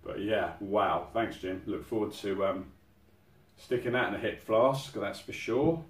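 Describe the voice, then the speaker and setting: Low-voiced man unboxing, amazed. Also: measured pace. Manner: chatty, easily amazed, exclaiming. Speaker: outdoors channel host. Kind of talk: casual unboxing commentary. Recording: roomy sound from a distant mic.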